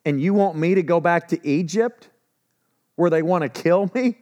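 A man's voice: a little high, normal speed, darkish tone, close to an everyday voice. A man voicing Moses in a sermon as an anxious, self-doubting, exasperated figure. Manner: exasperated, incredulous.

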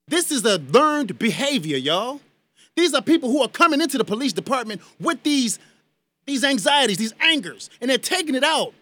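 A man's voice: extremely high pitch, very animated, normal speed, bright, forceful tone, dry recording. A male radio host giving impassioned, emphatic commentary in a studio, speaking directly to his listeners. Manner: emphatic, heated, addresses listeners as y'all.

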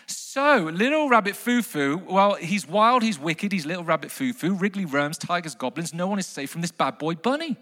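A man preaching a lively sermon to a congregation, telling a children's story with big bursts of mock outrage. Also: high-pitched, moderate pace, hardly any pauses. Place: large hall with long reverb. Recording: live sermon in a reverberant hall.

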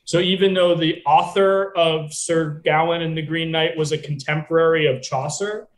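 A man's voice: on the high side, fairly even intonation, normal speed, roomy sound. An American man chatting casually about a film, loose and full of fillers and asides. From United States.

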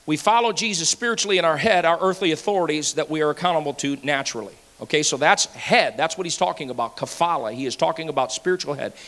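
Pastor mid-sermon, lively and rhyming, bright forceful tone, church hall echo. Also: male voice, on the high side. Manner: animated, rhyming and playful, swings between loud and hushed. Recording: hall reverb.

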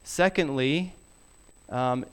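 Slow, clear-voiced male preacher. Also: mid-range voice. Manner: slow, emphatic preaching with soft drops to near whisper. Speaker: pastor. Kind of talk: sermon.

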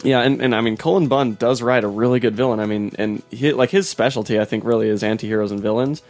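A man's voice: mid-range voice, fairly even intonation, fast talker, darkish tone, soft background music. A man hosting a casual comics chat, laid-back, laughing often and trailing off into fillers. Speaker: podcast host.

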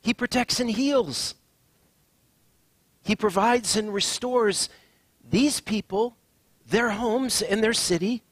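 A man preaching a sermon as a pastor, swinging from hushed, drawn-out phrases to emphatic lines. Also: high voice, no room sound.

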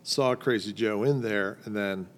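A man's voice: fairly low pitch, unhurried. A man in his fifties chatting casually on a podcast, rambling and hesitant, with many fillers. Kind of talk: casual chat.

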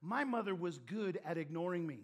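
A man preaching a sermon, telling stories with animated delivery and shouting out lines for emphasis. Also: sits high, brisk.

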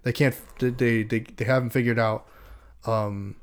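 A man chatting on a podcast in a smooth, resonant voice at an ordinary middle pitch. He hesitates often and restarts his sentences, filling the gaps with ums as he works through an explanation. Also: steady tone, moderate pace. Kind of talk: casual chat.

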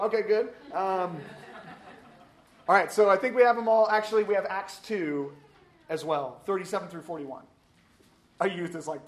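A man's voice: sits high, a little slow, pauses often, a little hiss or hum. A man teaching a Sunday school class, upbeat and joking as he calls on readers. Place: church classroom.

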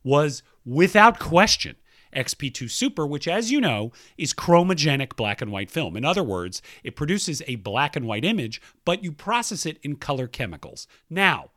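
A man's voice: fairly high pitch, big pitch swings, normal speed, fairly bright tone, no echo, clean studio sound. A man co-hosting a podcast, reading listener emails aloud in a playful, casual way and laughing often. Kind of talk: casual chat.

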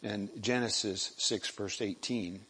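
A man delivers a sermon in a husky, somewhat low voice. He talks haltingly, restarting phrases and often clearing his throat. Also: steady tone, pushed and bright, low-quality recording. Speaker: lay preacher.

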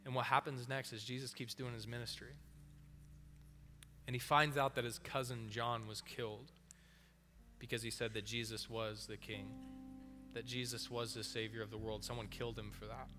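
Male preacher, casual and animated storyteller, bright forceful voice, long hall echo. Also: mid-range voice, moderate pace. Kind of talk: sermon. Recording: long hall reverb with faint music.

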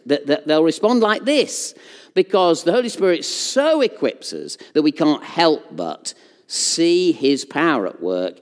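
A man's voice: fairly high pitch, sing-song. Man preaching in a reverberant hall. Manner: earnest, emphatic preaching with dramatic pauses. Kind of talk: sermon. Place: church hall. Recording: long reverb of a large hall.

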